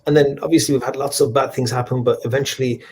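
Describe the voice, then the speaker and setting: A man telling stories as a guest in a conversation, animated and full of restarts. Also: mid-range voice, quick pace, husky. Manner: animated storyteller with frequent restarts. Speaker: guest, humanitarian charity leader. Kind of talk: storytelling in a conversation.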